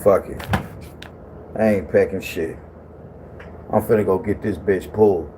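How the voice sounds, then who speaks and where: A man's voice: low-pitched, a little slow, background noise. A man hosting a livestream who chats casually, in a loose, profane and repetitive way. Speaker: livestream host.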